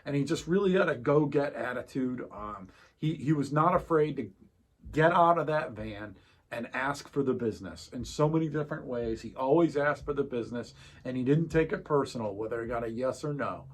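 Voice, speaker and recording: A man co-hosting a casual vlog chat, relaxed as he reminisces about a coworker. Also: medium pitch, fairly quick, husky. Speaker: co-host.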